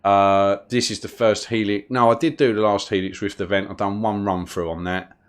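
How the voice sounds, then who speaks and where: Chatty low-voiced London man streaming. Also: flat delivery, normal speed, clear, resonant tone. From London, England. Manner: chatty, rambling, greets chat viewers while playing. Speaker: live-streamer. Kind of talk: live-stream gameplay commentary.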